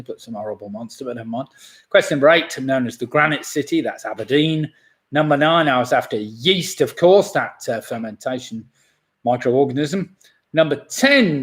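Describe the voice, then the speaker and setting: A man hosts a live online pub quiz from home. He reads answers and team scores in a chatty, easygoing way and drops small jokes between questions. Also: medium pitch. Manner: chatty, jokey asides while reading answers.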